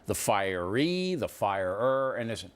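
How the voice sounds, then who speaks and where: Blunt, animated male talk-show host. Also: lowish voice, slow pace, background noise. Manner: blunt, emphatic, interrupts. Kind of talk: opinionated talk-show banter.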